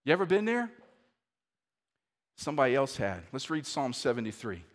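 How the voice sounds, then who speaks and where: A male pastor preaching a sermon in a conversational way, asking the congregation rhetorical questions and reading scripture slowly. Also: mid-range voice, big pitch swings. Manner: conversational, asks the listeners repeated rhetorical questions; reads scripture slowly and deliberately.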